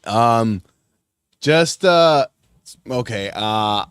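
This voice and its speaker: A man co-hosting a podcast and running a guessing game, halting with fillers and laughing often. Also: mid-range voice, lively intonation, a little mellow, smooth, dry recording, studio quality. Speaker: podcast co-host running a quiz. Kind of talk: casual chat.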